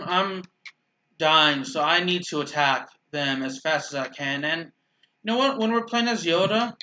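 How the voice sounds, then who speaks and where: A man's voice: a little high, sharp tone. A man giving casual, rambling commentary while playing a video game, often restarting his sentences and making dry sarcastic remarks about his teammates. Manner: rambling, self-correcting, dryly sarcastic. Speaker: gaming channel host.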